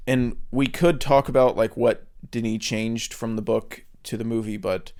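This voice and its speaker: A man's voice: mid-range voice, fairly even intonation, normal speed, darkish tone, clear, resonant tone. A man co-hosting a podcast, talking in a casual, rambling way with lots of fillers and restarts. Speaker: podcast co-host. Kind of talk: casual chat.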